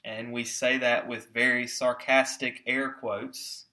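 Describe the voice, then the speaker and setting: A man preaching a sermon with emphasis, slowing down to stress key words and putting rhetorical questions to his listeners. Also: medium pitch, little pitch movement, sharp tone. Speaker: pastor.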